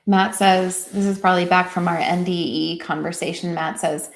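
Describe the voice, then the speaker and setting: Woman livestream host, casual coaching talk, animated storyteller, slight vocal fry. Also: fairly low pitch, normal speed. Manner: chatty and animated, quotes others in lively voices, laughs readily. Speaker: host of an emotional healing livestream.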